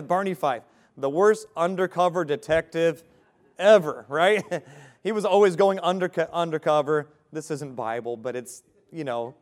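Male pastor preaching, earnest and direct, slightly high voice, asks the congregation questions. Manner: earnest preaching with rhetorical questions and light laughs. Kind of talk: sermon.

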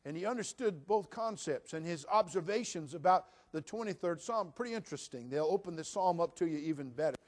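Storytelling pastor, man, fairly high voice. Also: lively intonation, fairly quick, few pauses. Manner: storytelling, conversational preaching. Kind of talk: sermon. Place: church sanctuary.

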